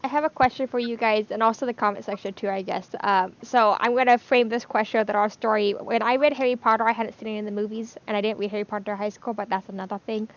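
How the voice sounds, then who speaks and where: A woman's voice: mid-range voice, steady tone, fast talker, hardly any pauses. Young woman running a video call panel, chatty, kinda muffled sound. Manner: chatty, asks the questions. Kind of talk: casual group video call chat.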